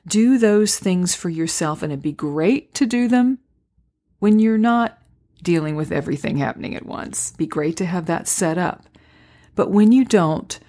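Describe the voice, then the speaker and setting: A woman hosting a solo podcast, talking through acting auditions in a gentle, encouraging, unhurried way. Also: fairly low pitch. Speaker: podcast host and acting coach. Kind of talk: reflective solo podcast talk. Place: home, recorded near a street.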